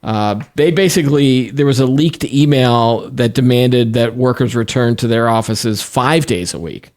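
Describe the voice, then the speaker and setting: A man co-hosting a tech news podcast, his voice sitting at an ordinary middle pitch. He reads stories aloud and breaks off into casual asides. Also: unhurried, darkish tone. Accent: Boston. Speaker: podcast co-host.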